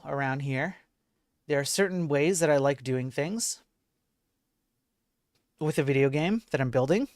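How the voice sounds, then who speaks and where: On a casual coding livestream, a man with a fairly high voice chats with viewers, reading and answering the chat while restarting his sentences often. The audio is studio quality with no echo.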